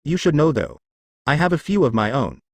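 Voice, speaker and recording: A man voicing a brooding, protective teenage boy with a blunt, even delivery. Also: fairly high pitch, a little fast, no room sound. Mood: menacing.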